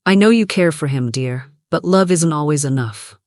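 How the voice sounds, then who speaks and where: A storyteller voicing a poised wealthy mother who speaks smoothly and coolly, in a dry recording. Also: medium pitch, expressive, a little mellow, dry recording, lightly acted. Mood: condescending. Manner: smooth, measured. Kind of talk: storybook narration.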